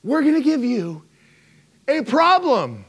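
A booming talk-show hostess hands out surprises to her studio crowd in a high, swooping voice, as a male preacher puts her on. Her delivery is grand and teasing. Her pitch leaps up and down. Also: huge pitch swings, slow pace, breathy edge, full character voice. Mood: grandly announcing.

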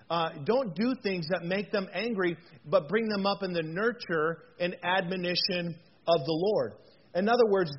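A man preaching a conversational sermon in a chatty, animated way, with frequent fillers and rhetorical questions. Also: high-pitched, husky. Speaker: pastor. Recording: dull lo-fi sound with faint noise.

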